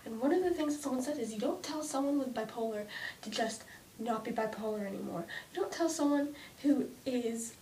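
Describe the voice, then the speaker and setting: A young woman vlogging an emotional rant about her own anxiety, halting and restarting often as she speaks. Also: warm tone. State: anxious. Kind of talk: emotional personal vlog rant. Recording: distant mic with faint rumble.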